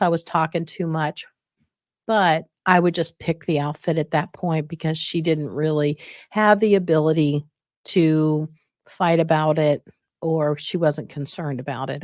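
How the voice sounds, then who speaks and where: A woman's voice: fairly low pitch, a little mellow, dry recording, clean studio sound. A woman hosting a casual advice podcast on dementia care, encouraging and often checking in with listeners.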